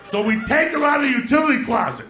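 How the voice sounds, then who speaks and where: A man doing stand-up storytelling from New Jersey, profane and animated, with loud bursts of shouting. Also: very high-pitched, fast talker, roomy sound, soft background music. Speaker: stand-up comedian. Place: comedy club stage with a laughing audience. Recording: live stage recording with crowd.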